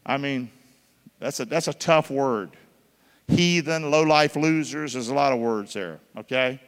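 A male pastor preaching a sermon, calling out for answers from the congregation and swinging between loud and hushed. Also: mid-range voice, a little slow. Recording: long hall reverb.

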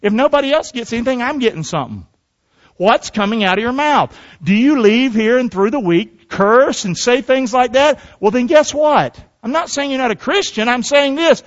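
A man's voice: very high voice, expressive, normal speed, lo-fi sound. A middle-aged male pastor preaching a sermon in a call-and-response style, often asking the congregation "amen?".

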